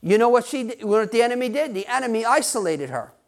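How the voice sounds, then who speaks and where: Extremely high-pitched and quick, with lively intonation, a male pastor delivers an emphatic sermon. He talks straight to the congregation, often posing questions and laughing occasionally.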